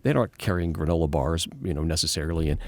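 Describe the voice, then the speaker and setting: Deep-voiced man telling a story. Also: racing, a little mellow, no echo. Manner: earnest, storytelling, many restarts. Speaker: executive director of a Christian charity. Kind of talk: conversational interview.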